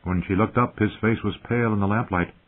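Male audiobook narrator, low husky voice, measured and dramatic, phone-like audio. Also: steady tone.

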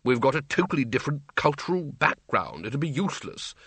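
A sceptical wizard lecturer from a storybook, matter-of-fact and objecting. His tone is bright and dry, voiced by a man. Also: medium pitch, big pitch swings, brisk, husky, dry recording, full character voice.

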